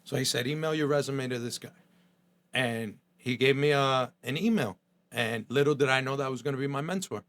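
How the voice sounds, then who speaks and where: A man's voice: medium pitch, a little fast, a bit bright. A middle-aged man from New Jersey, a chef guest on a podcast, telling his story bluntly and with profanity, often acting out quoted voices.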